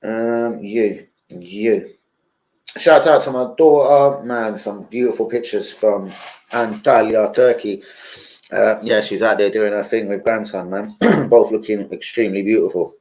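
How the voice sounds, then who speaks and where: A man's voice: fairly low pitch, measured pace, rough recording. A middle-aged man hosts a loose, rambling live stream. He talks in casual slang with the odd swear word and keeps breaking off to greet viewers by name. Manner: chatty, gives shout-outs to viewers. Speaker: football fan livestreamer.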